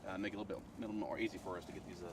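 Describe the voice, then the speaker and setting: A man's voice: sits low, level tone, rapid-fire, distant mic, noisy background, lightly acted. A man playing a bumbling wildlife expert in a comedy sketch, rambling and stammering in a folksy way, recorded outdoors. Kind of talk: improvised comedy sketch acting.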